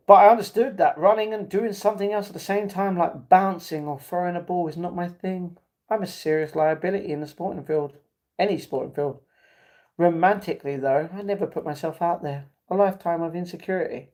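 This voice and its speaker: A man's voice: high-pitched, brisk, darkish tone. A man reading a novel aloud on a live stream, stumbling and correcting himself, with breaks where he laughs at the chat.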